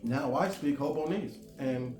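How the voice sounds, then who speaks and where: A man in his forties telling a long personal story to camera, animated, drawing words out and bursting into loud high stretches. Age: 40s. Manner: animated, drawn-out emphatic delivery with sudden loud high bursts. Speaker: vlogger. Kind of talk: casual storytelling monologue. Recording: roomy echo with faint music.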